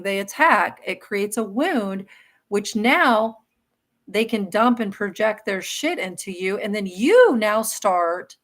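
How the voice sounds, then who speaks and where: A woman's voice: mid-range voice, a bit bright. Middle-aged woman host of a live spiritual Q&A; earnest, emphatic delivery, mid-range voice. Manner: earnest and emphatic, with laughs and self-corrections.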